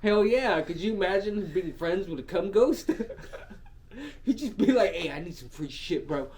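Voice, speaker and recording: A man co-hosting a podcast in crude casual chat, cursing and laughing often, swinging between loud and soft. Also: sits high, lively intonation, a little slow. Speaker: podcast co-host.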